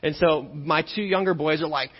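A man's voice: a little high, moderate pace, long reverb tail. Pastor man preaching, dull lo-fi sound. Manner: animated, joking storyteller who acts out scenes. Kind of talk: sermon with personal storytelling. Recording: dull lo-fi sermon recording.

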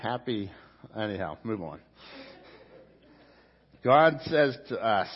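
A man's voice: fairly low pitch, big pitch swings, slow pace, long pauses, husky, dull audio. A middle-aged male pastor preaching a conversational sermon, full of rhetorical questions and restarts.

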